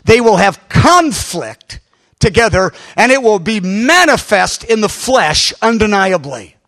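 A man voicing a frail elderly woman who prophesies with slow, solemn authority. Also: high voice, very animated, fairly bright tone, voice pushed up, exaggerated voice.

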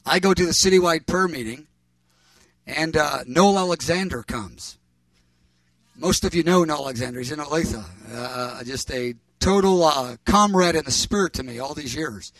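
Bright-voiced preacher man, rambling. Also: on the high side, normal speed, no room sound, distant mic. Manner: rambling, animated, self-correcting with fillers and restarts. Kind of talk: sermon storytelling.

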